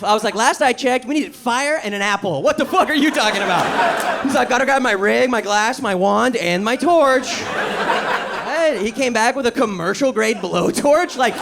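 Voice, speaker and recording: A young man doing a stand-up comedy set before a live audience, excitable and swearing, acting out his own panic in a raised voice. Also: very high voice, moderate pace, creaky, heavy background noise. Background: audience laughter.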